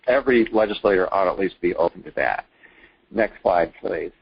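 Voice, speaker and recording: A man's voice: fairly low pitch, breathy edge, dry recording. A man giving a plainspoken presentation on talking with lawmakers, with folksy asides and frequent "uh" fillers. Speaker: advocacy trainer. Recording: dull lo-fi sound.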